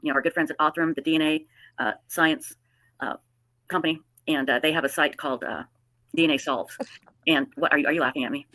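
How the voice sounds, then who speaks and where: A woman's voice: low-pitched, steady tone, a little fast, fairly bright tone, no echo, low-quality recording. A woman hosting a live stream in casual, effusive chat, with a slight lisp from new dentures. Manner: effusive, chatty. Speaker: livestream host.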